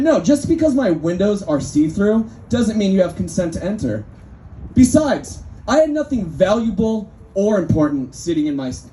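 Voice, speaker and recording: A man's voice: sits high, dark tone, a little hiss or hum. A man from Northern California doing a stand-up set in a restaurant, with rambling, conversational crowd work. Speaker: stand-up comedian. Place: restaurant comedy night, indoors.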